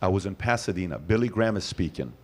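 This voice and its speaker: A man's voice: sits low, fast talker. A man hosting a podcast, talking emphatically and telling stories. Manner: emphatic, storytelling, animated asides. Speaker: host. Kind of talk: casual podcast chat.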